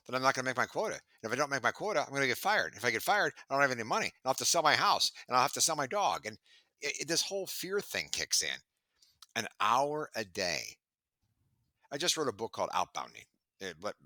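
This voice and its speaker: A man being interviewed about sales, talking in a lively way and acting out bits of dialogue, sometimes stammering as he restarts. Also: medium pitch, no room sound, studio quality. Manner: animated storyteller, acts out dialogue. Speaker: sales expert guest. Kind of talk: podcast interview.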